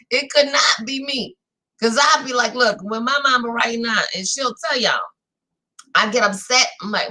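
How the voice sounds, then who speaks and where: Speaking a little slowly in a voice on the high side, a New Orleans woman with a New Orleans accent recaps a reality show in a casual chat. As host, she's animated and gabby, and she calls her viewers "y'all."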